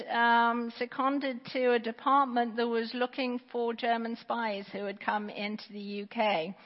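A woman in her sixties giving a sermon with personal testimony, conversational and halting with restarts, in a church. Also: on the high side. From England. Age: 60s. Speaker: preacher. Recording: dull recording with long church reverb.

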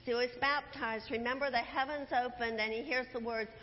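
A woman's voice: on the high side, steady tone, a little fast. A woman preaching a sermon in a church, telling the story and putting questions to the congregation. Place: church sanctuary. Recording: dull, echoey church recording.

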